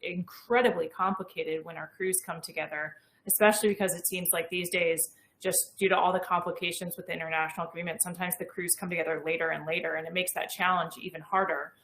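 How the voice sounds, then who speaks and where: Woman, 30s, bright and enthusiastic; explains clearly in an interview, echoey room. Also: on the low side, steady tone, fast talker, hardly any pauses. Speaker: astronaut guest. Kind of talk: conversational interview.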